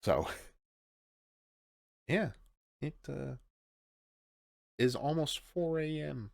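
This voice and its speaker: A man's voice: a little high, lively intonation, drawn-out words, creaky. A man hosting a reaction video, rambling casually in late-night commentary. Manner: rambling, chuckling, tired late-night talk.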